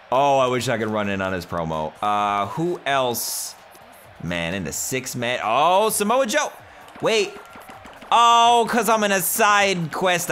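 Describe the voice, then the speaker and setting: Man, let's play commentary, casual and joking, mutters to himself, bright voice, faint hiss. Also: fairly high pitch. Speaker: gaming YouTuber.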